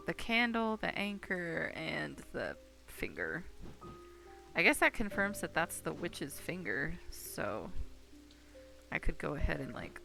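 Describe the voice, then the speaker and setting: A woman streamer giggles often as she playfully chats to herself during a game, giving casual gameplay commentary over soft game music. Her low-pitched voice is very animated, with vocal fry and a slow pace.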